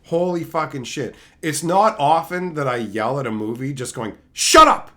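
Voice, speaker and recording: A man's voice: medium pitch, moderate pace. A man streaming live, ranting sarcastically and profanely while answering chat. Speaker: streamer reviewing and chatting. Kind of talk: casual livestream rant.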